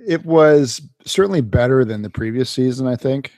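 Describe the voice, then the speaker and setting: A man with an average-pitched voice chats casually as a podcast co-host. He sounds laid-back and gives short answers, recorded dry and close. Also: normal speed, darkish tone, dry recording. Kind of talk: casual chat.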